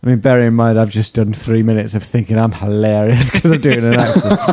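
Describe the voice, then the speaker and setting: A man's voice: on the low side, normal speed, a little mellow, no room sound. A man hosting a casual chat podcast, rambling hesitantly and mocking himself. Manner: hesitant, lots of fillers and restarts, self-mocking. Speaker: podcast host.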